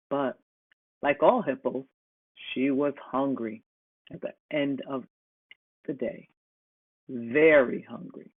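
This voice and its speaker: A reader slowly and playfully reading a children's picture book aloud. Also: mid-range voice, no echo. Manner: slow, animated, playful. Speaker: storybook reader. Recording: tinny phone-like, dry.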